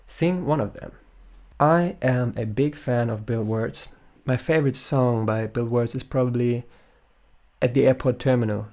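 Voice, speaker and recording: A man's voice: mid-range voice, moderate pace, mellow. A young man from Germany, chatting upbeat and jokey as he answers viewer questions in a vlog. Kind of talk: casual Q&A vlog. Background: faint guitar music.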